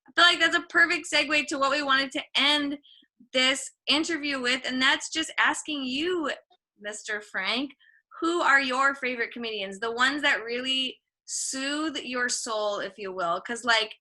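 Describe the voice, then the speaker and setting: Bright, bubbly young woman host. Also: high-pitched, poor audio. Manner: enthusiastic, quick to laugh. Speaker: podcast host. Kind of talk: casual interview.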